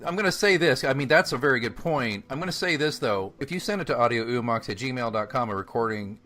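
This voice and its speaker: A man co-hosting a casual podcast, talking in excitable, rambling bursts. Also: mid-range voice, fast. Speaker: podcast co-host.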